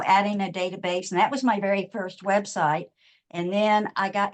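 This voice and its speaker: A woman, slightly out of breath, introducing her web design business in a chatty, rambling way on a video call. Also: mid-range voice. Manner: chatty and rambling, with many fillers.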